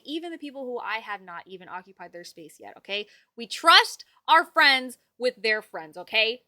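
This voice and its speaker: A woman's voice: mid-range voice, bright, forceful tone, no echo, clean studio sound. A young woman hosting a livestream, chatting casually and reading out viewer messages with hyped, bubbly energy. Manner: bubbly, hyped, reads chat aloud. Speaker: livestream host.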